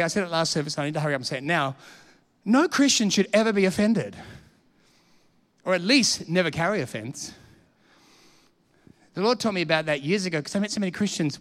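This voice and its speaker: An Australian man in his fifties preaching a sermon, telling stories with animated, punchy repetition. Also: on the high side, fast, long pauses, big-room sound. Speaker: pastor.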